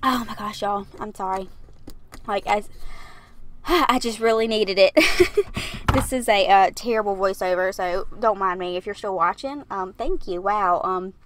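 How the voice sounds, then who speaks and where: A woman's voice: mid-range voice, normal speed, slight background noise. A young woman, chatting breathlessly in a rambling, laughing voiceover, recorded in her parked car. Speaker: YouTuber narrating a build video. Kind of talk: casual voiceover.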